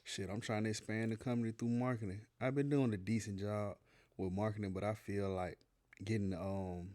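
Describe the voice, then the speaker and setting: A man's voice: on the low side, fairly even intonation, moderate pace, dark tone. A man co-hosting a podcast, talking in a laid-back, slangy way with lots of restarts. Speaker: podcast co-host, production company owner. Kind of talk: casual podcast chat. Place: Atlanta.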